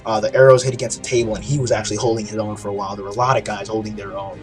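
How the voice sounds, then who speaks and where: Casting note: lower-voiced man, animated fan reviewer, profane and excitable, faint music underneath. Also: rapid-fire. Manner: excited, profane storytelling with frequent restarts. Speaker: TV episode reviewer. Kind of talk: casual video review.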